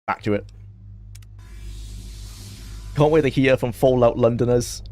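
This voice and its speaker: A young man chatting loosely as he streams a game, rambling and quick to laugh. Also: medium pitch, a little mellow. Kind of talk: casual live-stream gameplay commentary.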